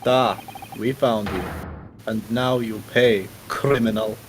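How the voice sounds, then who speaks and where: A man's voice: on the low side, fairly even intonation, slow, voice pushed down. Cheesy Russian captor voiced by a man, threatening, broken grammar, faint noise behind. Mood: menacing. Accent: Russian, put on. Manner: menacing, broken grammar, mock-exaggerated. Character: stern male Russian-accented captor, threatening.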